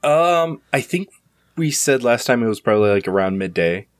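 A man running a tabletop game as game master, casual and relaxed. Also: mid-range voice, normal speed, dry recording.

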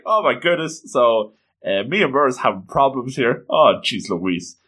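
Excitable man with a bright, lively voice. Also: medium pitch, a little slow, slightly rough. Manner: excitable, keeps exclaiming. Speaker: anime recap host. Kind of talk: excitable episode recap.

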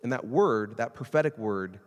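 A man preaching a sermon in a conversational, animated way, sometimes acting out quoted voices. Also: medium pitch, normal speed, long reverb tail. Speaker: pastor.

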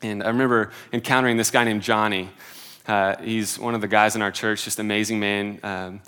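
A man's voice: fairly low pitch, fairly even intonation, brisk, bright, forceful tone, clean tone. A man in his twenties preaching a sermon in a casual, conversational way, with many filler "like"s and self-deprecating humor. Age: 20s.

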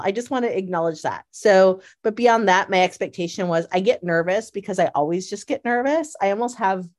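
Chatty woman telling a lively story. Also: mid-range voice. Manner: animated storyteller, laughs often, many likes. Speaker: podcast co-host. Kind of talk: casual fan chat.

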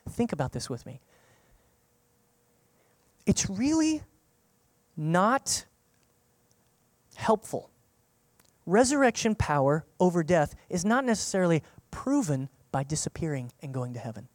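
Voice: medium pitch, sing-song, a little slow, pauses often, no room sound. A preacher giving a sermon in an emphatic, conversational way, repeating key phrases for stress and asking the listeners questions.

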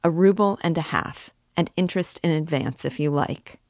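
A woman's voice: deep voice, normal speed, no room sound, studio quality. A woman voicing a severe old pawnbroker woman. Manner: severe and curt.

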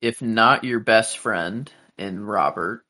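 A man's voice: lowish voice, takes it slowly, bright, forceful tone. A young man co-hosting a podcast, chatting about a TV show with frequent hesitations and restarts. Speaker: podcast co-host. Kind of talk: casual chat about a TV show.

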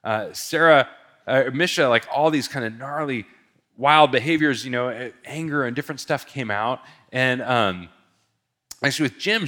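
A man's voice: mid-range voice, pushed and bright. A male pastor telling a story in a sermon, casual and conversational, with lots of filler words.

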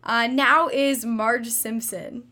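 A woman's voice: a little high, fairly even intonation, slow pace, bright, forceful tone. A woman hosting a casual chat, chatty as she introduces each impression. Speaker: host.

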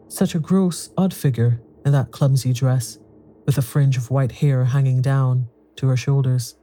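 A man giving a measured, even scripted narration of a ghost story. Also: medium pitch.

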